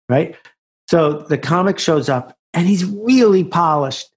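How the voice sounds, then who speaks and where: A man's voice: fairly high pitch, lively intonation, measured pace. Man telling stories in an interview. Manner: anecdotal, builds stories to a punchline. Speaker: author and guest. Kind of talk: conversational storytelling.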